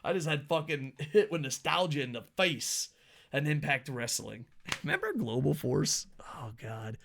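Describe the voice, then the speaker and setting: A man's voice: a little high, big pitch swings, unhurried, vocal fry, a bit bright. A man giving casual, profane, sarcastic commentary on wrestling news.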